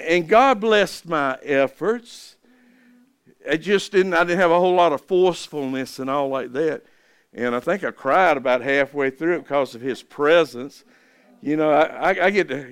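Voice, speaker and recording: A middle-aged man preaching a sermon in a folksy way, repeating words, swelling loud on key phrases and dropping soft at the ends of lines. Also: on the high side, clean tone, no echo.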